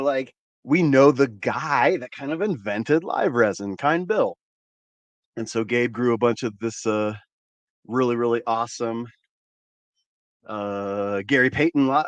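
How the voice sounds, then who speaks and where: Man, stream host, casual rambling chat, swears a lot, repeats words, mid pitch, dry close sound. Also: dry recording. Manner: laid-back, rambling, profane, repeats words. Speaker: cannabis channel host. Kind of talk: casual livestream chat with viewers.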